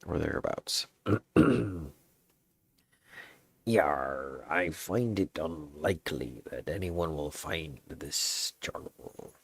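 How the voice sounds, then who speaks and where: A man doing a gravelly old pirate captain. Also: extremely low pitch, expressive, no room sound, heavily acted. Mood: boastful. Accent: put-on Southern US drawl. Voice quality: gravelly, drawn-out pirate speech. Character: boastful old male pirate captain, gruff. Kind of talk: dramatic reading of an in-game journal.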